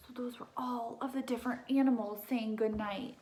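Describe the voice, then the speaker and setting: High-voiced woman reading a picture book. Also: moderate pace, few pauses. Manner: gentle, animated, asks children questions. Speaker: teacher reading aloud. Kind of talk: children's picture book read-aloud.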